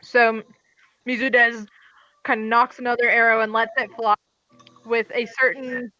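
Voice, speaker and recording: A woman running a tabletop game, describing the action with lively, vivid narration. Her voice is bright and a bit high, and the stream audio sounds dull and lo-fi. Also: moderate pace, no echo, faint music behind. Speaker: game master.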